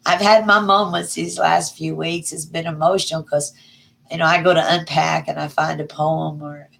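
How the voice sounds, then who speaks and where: Lady host on a live chat, lowish gravelly voice, chatty and folksy, calls folks honey. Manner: chatty, greets viewers by name, folksy "y'all" and "honey". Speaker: livestream host. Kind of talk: casual live chat reading viewer comments.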